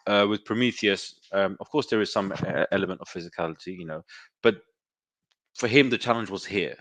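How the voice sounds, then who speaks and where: A man with a low voice hosts an interview and works through his ideas with many hesitant fillers. The sound is close and dry. His tone is thoughtful and conversational. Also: fairly quick, a bit bright, no echo. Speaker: host.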